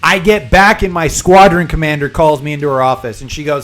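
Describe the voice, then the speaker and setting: High-voiced chatty male streamer. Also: steady tone, brisk, hardly any pauses, a bit bright, soft background music. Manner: chatty, rambling storyteller who explains jargon. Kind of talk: casual live-stream chat and storytelling.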